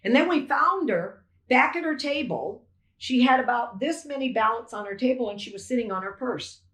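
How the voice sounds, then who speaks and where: Indignant older woman, high voice. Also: lively intonation, moderate pace, a bit bright. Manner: emphatic, indignant, retells events as dialogue. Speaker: poll challenger giving a witness statement. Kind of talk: emotional first-hand testimony. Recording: echoey room.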